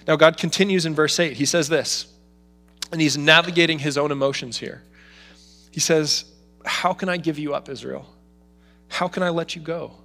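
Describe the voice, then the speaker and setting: Male pastor, slightly raised pitch, expressive sermon delivery with faint music behind. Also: normal speed, pauses often. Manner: expressive, voices God's pleading in emotional asides.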